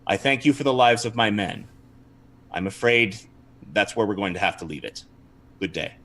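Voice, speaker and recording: A man playing a cautious, formal town guard captain who speaks in halting, deliberate sentences during a tabletop game. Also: lowish voice, lively intonation, a bit bright. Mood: stern.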